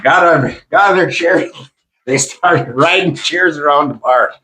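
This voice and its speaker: Older man telling lively anecdotes. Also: fairly high pitch, measured pace, slight background noise, poor audio. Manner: animated, laughing anecdotes. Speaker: podcast host. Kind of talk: casual storytelling.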